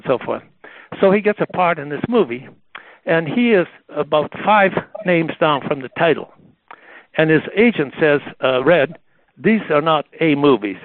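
A lively man spins anecdotes and briefly takes on the voices of the people in them. His voice sits a bit high for a man. It comes through a tinny, dry phone-like line. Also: no room sound. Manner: animated, acts out the voices in his stories. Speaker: guest telling stories about a friend. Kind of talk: anecdotal storytelling on a radio call.

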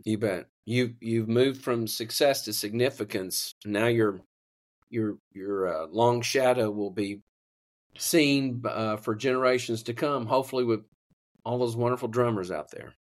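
A man's voice: medium pitch, unhurried. A man hosting an interview, offering earnest, formal praise to his guest. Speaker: interview host.

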